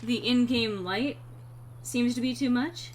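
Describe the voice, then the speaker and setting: A woman streamer chatting casually over gameplay, reading chat aloud, frank and quick to swear. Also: fairly high pitch, a little hiss or hum.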